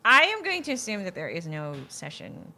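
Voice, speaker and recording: A woman's voice: medium pitch, wildly swooping pitch, normal speed, a crowd in the background. A woman co-hosting a live coding stream in casual technical chat, thinking aloud and laughing often. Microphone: desk mic at a computer. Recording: faint noise, glitchy internet audio.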